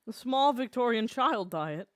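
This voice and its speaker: A streamer chatting casually while drawing, telling animated stories and laughing often. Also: mid-range voice, unhurried, clear, resonant tone, no echo, studio quality.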